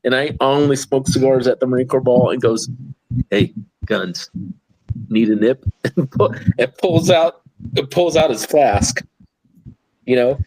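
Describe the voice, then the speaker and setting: A man in his sixties, a podcast co-host and retired Marine, telling animated anecdotes with frequent laughs and stammered restarts. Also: medium pitch, normal speed, low-quality recording. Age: 60s. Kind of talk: casual storytelling.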